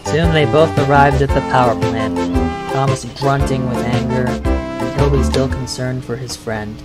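A man narrating a fan-made drama story in a plain, even storyteller manner, with music behind him. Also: mid-range voice, normal speed.

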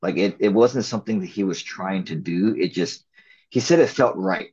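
Low, husky-voiced man chatting. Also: normal speed. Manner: relaxed, rambling, many fillers and restarts. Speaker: actor and filmmaker guest. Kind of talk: casual interview chat. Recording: slightly dull lo-fi audio.

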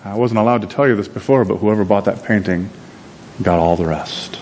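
A man voicing a brisk male auctioneer in a sermon story, calling out bids. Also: lowish voice, darkish tone, slight background noise, close to an everyday voice, poor audio. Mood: calm.

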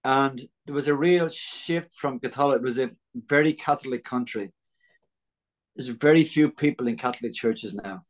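A man's voice: medium pitch, normal speed. An Irish man as an interview guest, giving an earnest testimony and acting out the voices of people in his story. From Ireland.

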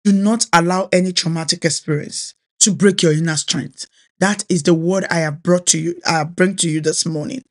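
A woman's voice: lowish voice, steady tone, normal speed. Earnest Nigerian woman preaching a sermon. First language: Yoruba. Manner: earnest, exhorting, repeats key phrases. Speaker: minister.

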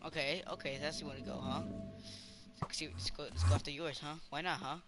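A man with a voice pitched slightly high chatters through a game, half talking to himself and half cheering his teammate. Game music plays clearly behind him. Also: brisk. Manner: excitable, rambling self-talk with cheering. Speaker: gamer. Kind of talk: casual gameplay commentary.

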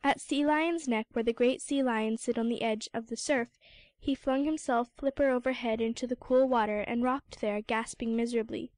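A woman's voice: fairly high pitch, fairly even intonation, normal speed, darkish tone, no echo. Woman narrating a classic storybook. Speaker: audiobook narrator. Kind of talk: scripted narration.

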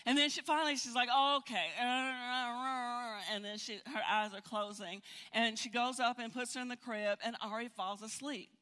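An older woman teaching a Bible study, telling stories in an animated way and often repeating words. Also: a little high, normal speed, hardly any pauses. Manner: animated, storytelling with frequent repeats. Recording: hall reverb.

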